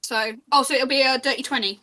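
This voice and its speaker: A woman running a tabletop game as game master, narrating scenes in a chatty, descriptive way. Her voice is high and bright, with a sharp edge. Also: steady tone, fast talker. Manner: descriptive, chatty, with small restarts.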